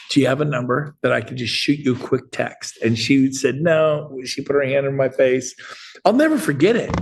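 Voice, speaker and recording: This middle-aged real estate coach rambles through a high-energy motivational speech to a group video call, performing little bits of dialogue as he goes. His pitch is medium, and there's a breathy edge to his voice.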